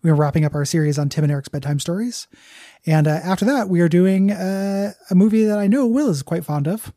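A man's voice: high-pitched, animated, fairly quick, mellow, no echo. A man co-hosting a podcast in casual banter, teasing his partner with a dry wit. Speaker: podcast co-host.

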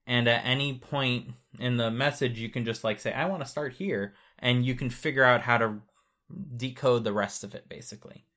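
A man's voice: medium pitch, fairly even intonation, moderate pace, fairly bright tone. Casual man explaining tech patiently. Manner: patient, chatty, lots of fillers and hedges.

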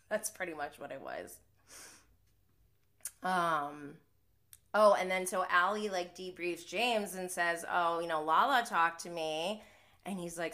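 A woman's voice: fairly low pitch, expressive, a little slow, a bit bright. A young woman hosting a live stream, chatting casually through a TV episode recap, laughing and using many fillers. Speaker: recap host.

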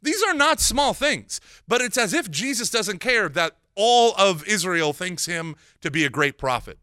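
A man giving a lively Catholic teaching talk, mixing casual slang with scripture and acting out the dialogue he retells. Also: sits high, measured pace, clear, resonant tone, no room sound, clean studio sound. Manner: animated, acts out quoted dialogue.

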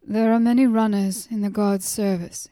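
A woman voicing a calm, wise male messenger who speaks gravely and gently. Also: medium pitch, no echo, clean studio sound, lightly acted. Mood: gentle. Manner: slow, grave, measured.

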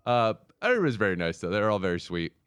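Man, lowish voice, animated pitch, playful teasing, dry sound. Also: rapid-fire, smooth, no echo. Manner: playful, teasing, swears casually. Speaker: podcast co-host. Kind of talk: casual comedic chat.

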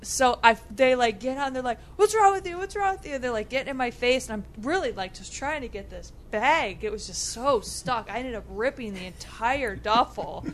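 Lively woman telling a story. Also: on the high side, normal speed, few pauses, a little hiss or hum. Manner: animated, laughing, many "like" fillers. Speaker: podcast co-host. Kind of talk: casual storytelling chat.

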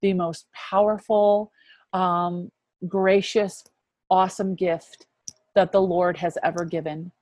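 A woman's voice: on the low side, level tone, slow pace, no echo. Earnest woman in her fifties, dry sound. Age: 50s. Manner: earnest, reflective, often softening to a hush. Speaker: interview guest. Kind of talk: personal faith testimony.

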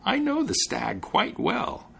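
A man doing a shrill old witch. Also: wildly swooping pitch, slow pace, vocal fry, fairly bright tone, slightly rough, exaggerated voice. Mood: suspicious. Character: angry old woman witch in the forest.

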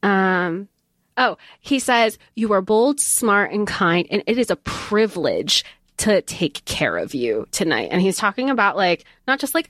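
A woman co-hosting a podcast, talking casually about a book, acting out quotes in an animated way with frequent laughs. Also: on the high side, unhurried, dry recording, studio quality. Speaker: podcast co-host.

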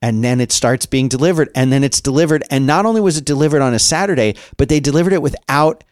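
A man's voice: mid-range voice, fast, no room sound, clean studio sound. A man co-hosting a podcast, telling a long story in casual chat with plenty of fillers and restarts. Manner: rambling storyteller with many fillers. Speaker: podcast co-host.

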